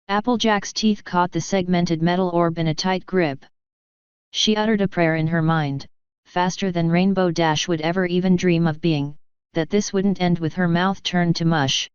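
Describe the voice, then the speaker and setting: A woman with a low, exceptionally smooth voice reads a story in a measured, dramatic way. The sound is close and dry, with a slightly dull, lo-fi tone to the recording. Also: no room sound. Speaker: fanfiction reader. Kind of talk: storybook narration.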